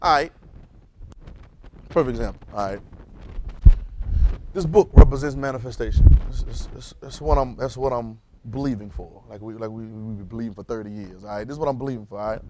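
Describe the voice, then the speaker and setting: A man preaching a sermon in an animated, repetitive way, calling on the congregation to repeat his words and rising into loud emphatic bursts. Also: medium pitch, fairly quick, pauses often, a little hiss or hum. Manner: calls on congregation to repeat phrases.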